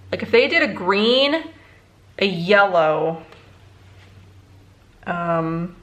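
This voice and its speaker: A young woman, a beauty vlogger, chats casually through a makeup tutorial, rambling and halting as she goes. She sounds emotionally exhausted. Her voice is mid-range and a bit bright.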